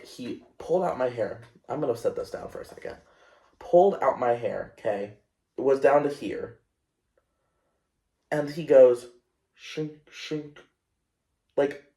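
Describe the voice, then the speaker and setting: Slow-talking young man in an echoey room. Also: medium pitch. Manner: animated, self-conscious storytelling with many fillers. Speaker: podcast host. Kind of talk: casual storytelling monologue.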